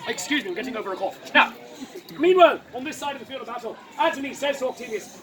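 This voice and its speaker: High-voiced woman performer loudly narrating outdoors. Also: lively intonation, fast talker. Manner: loud, playful, often laughing mid-line. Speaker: street performer leading an audience-participation show. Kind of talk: live comic storytelling. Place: outdoor fairground. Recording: outdoor crowd noise. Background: noisy crowd.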